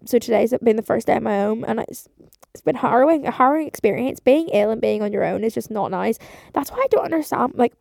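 Drowsy young woman in her twenties, gravelly, slightly high voice, rambling, swearing and full of fillers. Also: dark tone, no room sound, clean studio sound. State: drowsy, recovering from surgery. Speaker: podcast host. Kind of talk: casual voice-note chat. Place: bedroom, lying in bed. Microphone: phone voice note.

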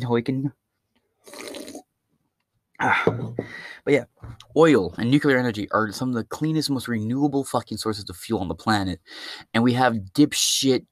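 A man's voice: mid-range voice, no echo, clean studio sound. A man hosting his own podcast, ranting alone in a rambling, mocking and heavily profane way. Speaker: podcast host. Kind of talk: ranting solo podcast monologue.

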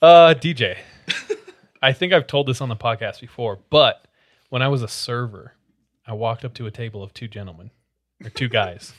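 A man talking casually as a podcast co-host, spinning animated anecdotes with a ready laugh. His voice sits at an ordinary middle pitch. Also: normal speed, long pauses. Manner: animated storyteller, laughs often. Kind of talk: casual chat.

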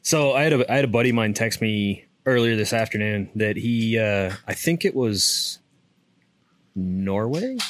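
A man's voice: lowish voice, expressive, moderate pace. A man chatting casually on a podcast, trailing off and hesitating as he talks. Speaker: podcast co-host. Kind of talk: casual chat.

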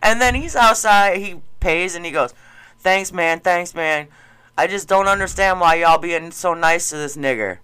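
Bright, lively storytelling man. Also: high-pitched, moderate pace, smooth, no room sound. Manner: animated storyteller, laughs often, acts out quotes. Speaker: gas station clerk. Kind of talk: casual chat, storytelling.

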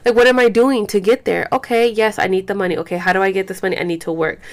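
A woman's voice: medium pitch, fast. A young woman at home, talking candidly to her viewers in a loose, casual way, full of fillers and swearing. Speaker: vlogger. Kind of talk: casual talk to camera. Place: home, caring for a baby.

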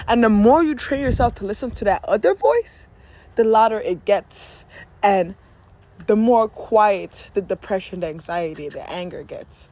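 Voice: mid-range voice, animated, normal speed, darkish tone. Candid, casual motivational talker. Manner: candid, conversational, with occasional profanity; addresses listeners directly and familiarly.

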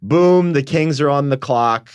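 A man's voice: fairly high pitch, a little slow, smooth, dry recording. Wry man hosting a sports podcast. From Philadelphia. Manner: dry joking asides, steering the discussion. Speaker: podcast host. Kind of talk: casual sports podcast chat.

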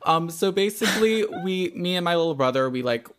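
A young man co-hosting a podcast, telling a story in casual chat, animated and swearing freely with lots of "like" fillers. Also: sits high, brisk. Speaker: podcast co-host.

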